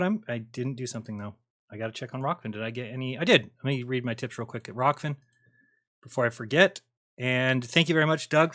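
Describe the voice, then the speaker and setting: A man hosting a livestream, chatting loosely in a bright, forward voice at an ordinary pitch. He rambles as he goes and drops a swear word here and there. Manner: rambling, laid-back, swears. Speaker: livestream host. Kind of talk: casual livestream chat.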